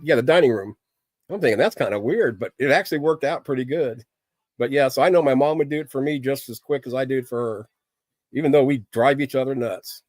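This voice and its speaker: A man's voice: medium pitch, fairly even intonation, a little fast, a little mellow, no echo. Plain-spoken middle-aged man chatting candidly. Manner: rambling, plain-spoken and candid, with frequent fillers. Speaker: livestream host chatting with viewers. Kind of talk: casual livestream chat.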